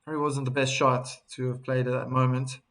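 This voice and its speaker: A man with a South African accent hosting a live tennis watchalong, chatting with viewers and breaking into excited calls on big points. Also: medium pitch, brisk. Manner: chatty, reads viewer chat messages aloud between calls. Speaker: host and tennis commentator.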